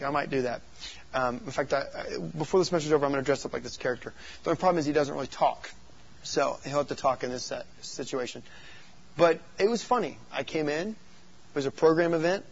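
A man's voice: mid-range voice, creaky, muffled recording. A man who works as a youth pastor, speaking to other youth workers and telling stories animatedly. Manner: animated storytelling, acts out voices in quotes.

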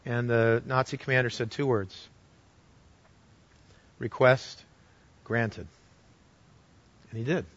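A man preaching a sermon as pastor, telling a story earnestly and swinging from loud to hushed. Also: mid-range voice, steady tone, fairly quick, few pauses, lo-fi sound.

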